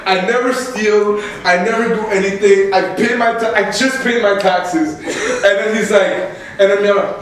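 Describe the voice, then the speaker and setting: A young man, a podcast host, telling a story casually and with much laughter, his voice leaping high when excited. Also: moderate pace, hardly any pauses. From Canada. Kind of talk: casual storytelling among co-hosts. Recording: echoey room, distant mic, faint noise.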